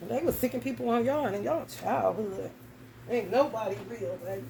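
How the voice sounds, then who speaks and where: A woman's voice: on the high side, moderate pace, gravelly, warm tone, a little hiss or hum, rough recording. A young adult woman giving a casual tarot reading, talking bluntly and emphatically with plenty of cursing and slang. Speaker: tarot reader.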